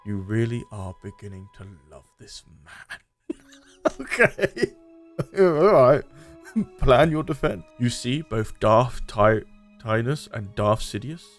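A man's voice: mid-range voice, sing-song, slow, faint music behind. A man hosting a gaming video, reading a text game aloud with sardonic, laughing commentary. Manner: sardonic, laughing at the absurd story.

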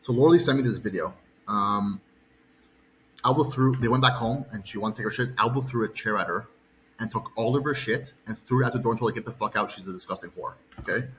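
A man's voice: medium pitch, fast, a bit bright, slight background noise, rough recording. A man, a fitness coach, telling a long, heated, profane story and checking in with "okay" and "right.". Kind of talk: ranting storytime vlog.

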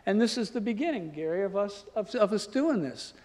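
A man's voice: high-pitched, lively intonation, brisk, darkish tone. A man giving an informal lecture, rambling and joking as he tells stories. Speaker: guest lecturer. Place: lecture hall. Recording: long reverb in a lecture hall.

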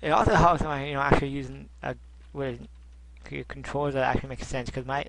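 A man giving casual gameplay commentary as a let's play host, rambling and self-mocking, with sudden frustrated shouts. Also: medium pitch, fairly even intonation, fast, gravelly, noisy background.

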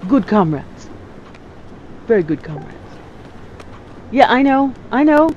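Unhurried chatty woman gamer. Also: fairly high pitch, a little hiss or hum. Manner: chatty, laughs often, excitable. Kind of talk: casual gameplay commentary. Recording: slightly dull lo-fi sound.

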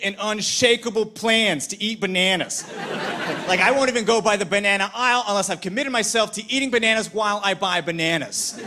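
A man with a fairly high voice runs a stand-up comedy set on a TV stage, animated and playful in how he tells it. The recording carries a noticeable layer of noise. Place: TV studio stage.

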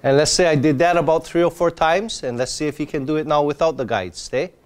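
A man demonstrating dog obedience training, calmly explaining each step and breaking into high, happy praise for the dog. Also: a little fast, smooth. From Hawaii. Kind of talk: outdoor demonstration lesson.

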